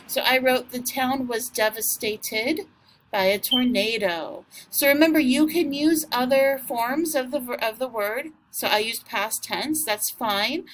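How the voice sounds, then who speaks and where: A woman teacher giving a recorded vocabulary lesson to students, speaking patiently and encouragingly and sounding words out slowly. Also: on the high side, noisy background.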